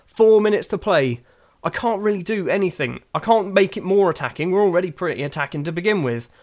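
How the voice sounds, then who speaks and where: A man commentates on his football management game in a casual, running style. His voice sits a little higher than most men's, and it jumps up sharply whenever a shot goes wrong. Between calls he drops into self-mocking asides. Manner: excitable, frustrated outbursts, self-mocking asides. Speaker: gaming YouTuber.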